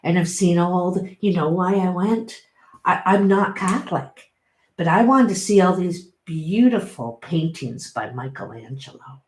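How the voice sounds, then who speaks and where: Slow, mellow-voiced woman reading tarot. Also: on the low side. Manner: chatty, encouraging, bursts of excitement. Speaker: tarot reader. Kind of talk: casual tarot reading to camera. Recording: roomy echo.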